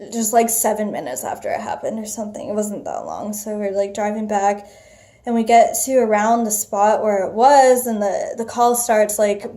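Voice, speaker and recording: A young woman vlogger telling a personal story casually, animated, full of fillers and swearing. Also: mid-range voice.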